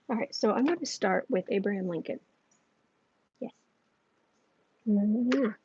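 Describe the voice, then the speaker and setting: A woman hosting a casual psychic tarot livestream at home, chatting with viewers and pausing often with fillers. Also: mid-range voice, darkish tone, husky, no echo. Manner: chatty, answers viewers' chat, halting with fillers. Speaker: tarot reader and livestream host. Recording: dull lo-fi stream audio.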